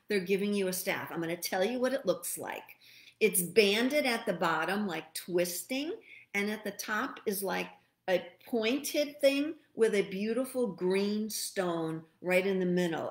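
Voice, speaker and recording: Speaking as a spirit messenger on her live stream, a middle-aged woman delivers word readings at a slow, calming, meditative pace, musing aloud as she goes. Her mid-range voice has a creaky quality, and the room echoes noticeably.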